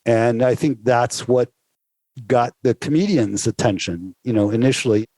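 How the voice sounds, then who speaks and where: A man's voice: medium pitch, warm tone, no echo. Reflective man recalling a comic, dry close sound. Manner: thoughtful, measured, many restarts. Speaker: interviewee, fellow comedy peer. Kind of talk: reflective oral-history recollection.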